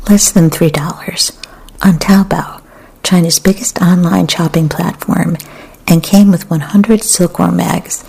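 A woman reading poetry and memoir aloud in a soft, often half-whispered, measured way. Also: on the low side, gravelly, husky. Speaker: literary reader.

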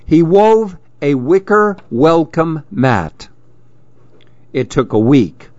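A man reading a children's storybook aloud, gentle and expressive. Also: on the high side, slow pace, no room sound, highs cut off.

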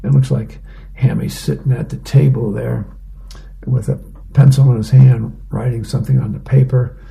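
A man reading the newspaper comics aloud for a radio reading service, casual and relaxed with fillers. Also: mid-range voice, normal speed, creaky, poor audio. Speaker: volunteer newspaper reader.

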